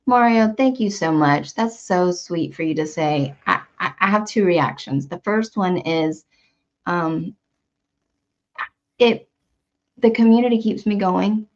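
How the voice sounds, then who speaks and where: Low-voiced woman on a muffled line. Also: takes it slowly. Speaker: podcast guest. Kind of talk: casual interview chat. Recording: muffled lo-fi audio.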